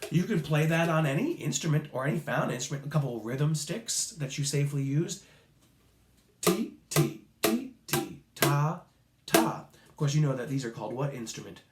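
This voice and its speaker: A man's voice: a little high, fast talker, echoey room. A male music teacher leading children through a playful call-and-response rhythm lesson, chanting rhythm syllables.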